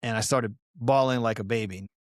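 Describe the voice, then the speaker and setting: A man's voice: mid-range voice, a little fast, no room sound, studio quality. Earnest middle-aged man telling a story. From Colombia. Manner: earnest, animated storytelling with frequent "man" and "you know". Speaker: podcast guest, pastoral counselor and fitness coach. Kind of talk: casual storytelling interview.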